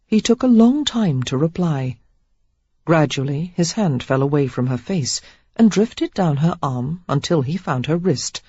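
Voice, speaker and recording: A woman narrating a romance audiobook in an expressive, steady storytelling manner. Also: sits low, a little slow, breathy edge, dry recording, dull audio. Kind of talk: scripted narration.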